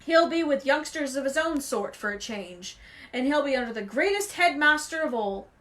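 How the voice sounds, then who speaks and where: A woman voicing a gruff, loud giant of a man with a booming, rough manner. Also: lively intonation, normal speed.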